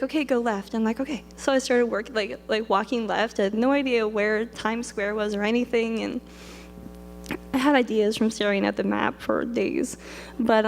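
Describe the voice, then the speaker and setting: A woman's voice: a little high, vocal fry, a little hiss or hum. A young woman telling a personal story in a chatty, rambling way. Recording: long reverb.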